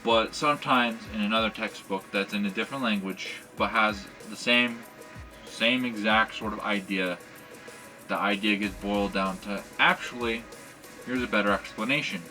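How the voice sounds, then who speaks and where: A man's voice: fairly low pitch, steady tone, moderate pace, bright, forceful tone, faint music behind. A man teaching a language lesson in a casual, rambling way, with many fillers and restarts.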